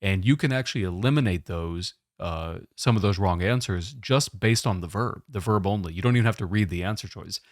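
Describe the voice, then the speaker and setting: A man giving a test-prep lesson, explaining question types in a steady, methodical way. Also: deep voice, fairly quick, few pauses, no echo, clean studio sound.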